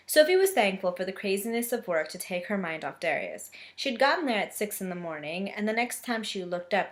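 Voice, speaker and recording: A woman's voice: medium pitch, a bit bright. A young woman reading a romance novel aloud, breaking off for sarcastic asides. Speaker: book reader and reviewer. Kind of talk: casual book reading with commentary.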